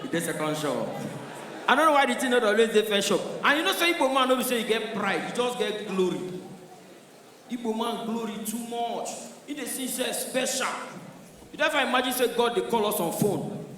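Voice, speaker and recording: A high-voiced man with a Nigerian accent does a stand-up comedy routine, telling his stories in Pidgin. He acts out the characters as he goes. He is heard from far off in a roomy hall with a long echo. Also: fairly quick, sharp tone. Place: live comedy show venue.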